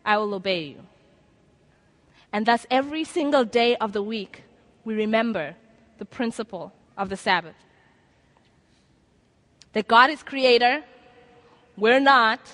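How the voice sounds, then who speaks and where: A woman with a fairly high voice delivers a sermon in an earnest, conversational way. She slips into quoted inner voices as she presses her appeal to the listeners. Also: a little slow, pauses often, fairly bright tone. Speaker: preacher. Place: lecture room before an audience.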